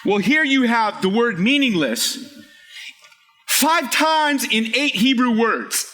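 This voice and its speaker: A male preacher with a high, ringing voice works the room in an energetic sermon. He jokes with the congregation and shouts his main points for emphasis. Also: slow pace. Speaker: pastor. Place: church hall with a live congregation.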